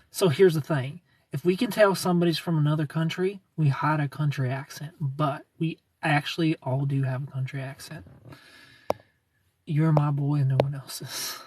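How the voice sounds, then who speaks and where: A man's voice: a little high, breathy edge. A man in his thirties casually chatting on a livestream, answering viewer comments in a rambling way with restarts and light laughs. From outside the United States. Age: 30s. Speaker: livestream host.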